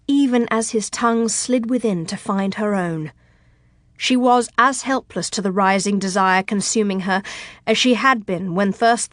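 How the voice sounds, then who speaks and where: Woman narrator, romance audiobook, slow pace, dry close-miked sound. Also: medium pitch, no echo. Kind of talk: scripted narration.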